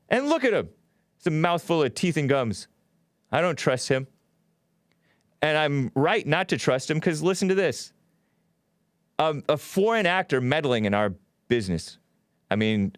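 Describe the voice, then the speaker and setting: A man hosts a solo commentary show, reading news aloud and breaking in with mocking, sarcastic remarks. His voice is lively, jumping around in pitch. The sound is close and dry, with no room echo. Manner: sarcastic, mocking asides between quoted statements. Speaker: podcast host.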